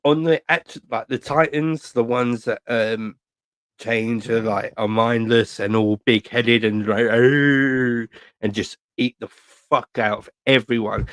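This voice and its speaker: A man chats on a podcast, rambling through stories full of filler words and swearing. His voice is at a middle pitch and sounds dry and close. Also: a little slow, dry recording. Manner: rambling, animated storytelling, heavy swearing, lots of fillers. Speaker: podcast co-host. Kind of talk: casual chat.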